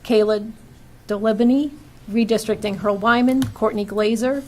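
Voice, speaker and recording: Brief: woman with a Boston-area accent, meeting chair, average pitch, reads a list of names, light noise behind. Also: steady tone, normal speed. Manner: reads a long list of names and topics, with small stumbles. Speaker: school committee chair.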